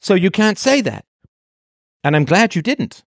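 Impassioned man with lively pitch. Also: unhurried, no room sound, studio quality. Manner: impassioned, emphatic lists. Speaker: advice show host. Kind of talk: call-in advice talk.

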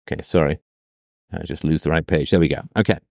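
A man's voice: extremely low pitch, fairly even intonation, fast talker, vocal fry, a little mellow, dry recording, studio quality. A man hosting an advice show, answering a listener's letter in a blunt, sarcastic, profane monologue.

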